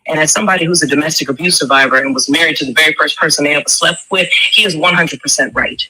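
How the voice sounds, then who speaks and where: A woman makes her case in a rapid stream. Her voice is bright and forceful, and she talks emphatic and preachy, full of rhetorical questions. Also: low voice, breathy edge, dry recording, low-quality recording. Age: 40s. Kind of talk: impassioned commentary.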